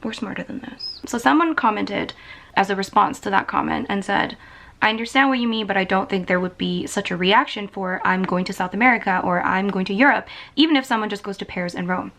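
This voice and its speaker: A woman's voice: mid-range voice, fairly quick, fairly bright tone. A young woman from Canada ranting to camera in a vlog, exasperated and emphatic, firing rhetorical questions. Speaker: YouTuber.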